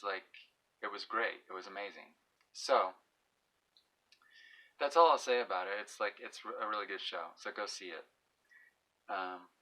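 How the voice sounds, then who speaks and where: A man's voice: on the low side, sharp tone, rough recording. A man rambling casually through a show review, with lots of fillers and restarts and a wry, mildly fed-up tone. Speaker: vlogger reviewing shows.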